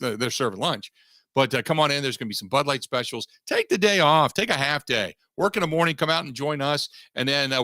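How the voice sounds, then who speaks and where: A man's voice: fairly high pitch, bright, forceful tone, no echo, clean studio sound. A man hosting a sports talk radio show, emphatic and repeating himself for stress as he argues his point. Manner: emphatic, repetitive restarts.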